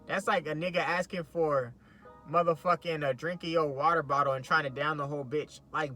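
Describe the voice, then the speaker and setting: A man's voice: fairly high pitch, steady tone, fairly quick, pushed and bright, soft background music. A young man vlogging, telling a story as an expletive-heavy rant and acting out every quote.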